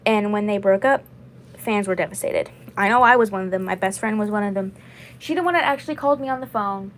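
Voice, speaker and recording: A woman's voice: mid-range voice, quick pace, a little hiss or hum, poor audio. A woman in her twenties chatting casually on a livestream, rambling and repeating herself. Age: 20s. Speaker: vlogger.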